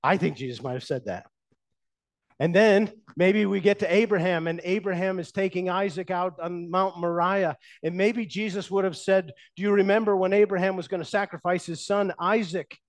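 Male pastor, sermon, fairly high voice, storytelling, loud then hushed. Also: steady tone, moderate pace.

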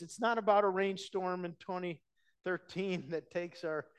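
Pastor preaching a conversational sermon. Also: male voice, a little high, a little slow. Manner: conversational, swings from hushed to emphatic.

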